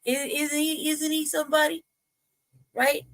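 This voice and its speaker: A woman's voice: high voice, level tone, unhurried, fairly bright tone. A woman with a Southern US accent, speaking bluntly and casually with some profanity as a co-host. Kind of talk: casual chat.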